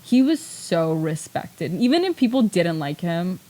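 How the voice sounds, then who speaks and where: A woman's voice: lowish voice, measured pace, low-quality recording. A woman hosting a podcast in casual chat, rambling with lots of fillers and laughing often as she talks. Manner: rambling, filler-heavy retelling with frequent "like"; animated, laughs often while talking. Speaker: podcast host.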